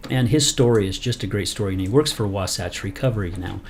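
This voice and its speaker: A man hosting a podcast in casual chat, telling a story with animated energy and acting out the quoted lines. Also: on the low side, quick pace, a little hiss or hum. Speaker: podcast host.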